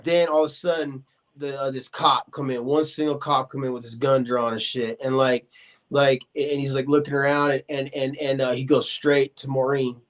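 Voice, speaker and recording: This podcast guest, a man in his forties, has a mid-range voice at a moderate pace. His long, casual story comes across as animated, filled with fillers and acted-out quotations.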